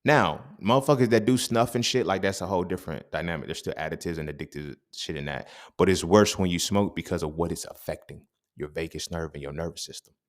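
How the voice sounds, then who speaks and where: Low-voiced man riffing profanely. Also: fast. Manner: animated, profane, streetwise slang. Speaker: podcast host. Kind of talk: casual monologue.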